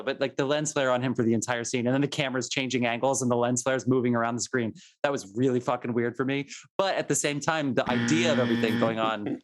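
A man hosting a casual podcast chat, rambling and restarting his sentences with laughing asides. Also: medium pitch. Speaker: podcast host.

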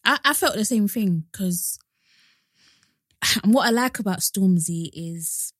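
A woman's voice: mid-range voice, expressive, no echo, studio quality. A young woman co-hosting a podcast in casual chat, laughing often. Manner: chatty, laughs often, quick asides. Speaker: podcast co-host.

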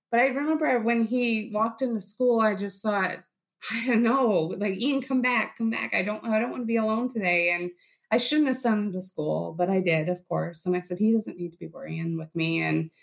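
A woman in her thirties telling her story in an interview, earnest and searching as she relives each moment. Her voice sits at a middle pitch, and she often slips into quoting what she said and thought. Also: normal speed, gravelly. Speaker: interviewee, bereaved military spouse. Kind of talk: personal testimony.

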